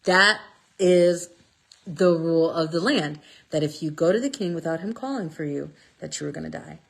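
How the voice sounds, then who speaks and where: A woman telling a Bible story in a casual, lively way, often checking in with "okay?". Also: fairly low pitch, moderate pace, creaky. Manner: lively, chatty, stresses words with "okay?". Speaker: speaker sharing a Bible passage. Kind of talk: casual storytelling talk about scripture.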